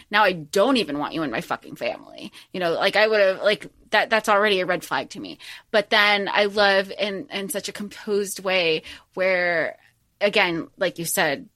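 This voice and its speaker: A young adult woman co-hosting a podcast in casual chat, animated, swearing freely and full of "like" and "um". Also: medium pitch, no room sound, studio quality. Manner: animated, swears freely, acts out movie lines; many fillers like "like" and "um". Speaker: podcast co-host.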